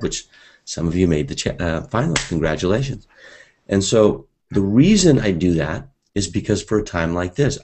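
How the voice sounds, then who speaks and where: A man's voice: deep voice, darkish tone, breathy edge. A man teaching a live seminar, talking energetically and conversationally and speaking directly to his audience.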